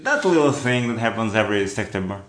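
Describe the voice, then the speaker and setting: A man's voice: lowish voice, big pitch swings, crowd noise. Laughing man in a roomy podcast chat. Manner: laughs often, halting restarts. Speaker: podcast co-host. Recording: roomy echo.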